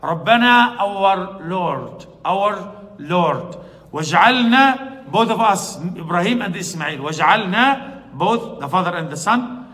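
A man's voice: high-pitched, lively intonation, slow pace, fairly bright tone. A male preacher with an Arabic accent, giving an emotional, storytelling-style sermon of Quran commentary in a mosque hall. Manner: emotional storytelling, rising to emphatic exclamations. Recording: long hall reverb.

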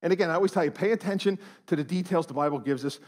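A man, a pastor, preaching a sermon in a church, animated and swinging from hushed tones to loud emphasis. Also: on the high side, very fast. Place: church auditorium.

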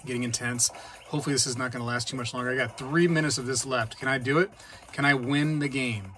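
A man hosting a casual hobby vlog, chatting and reacting out loud while he plays a game. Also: mid-range voice, steady tone, quick pace. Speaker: coin-collecting channel host.

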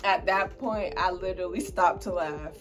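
A young woman co-hosting a casual storytime vlog, animated, swearing freely and laughing as she tells it. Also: fairly low pitch, moderate pace, soft background music. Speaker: co-host telling a story.

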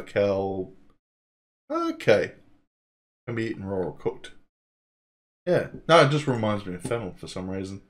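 A man doing casual let's play commentary, sarcastic and crude, swearing freely and a bit tipsy. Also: mid-range voice.

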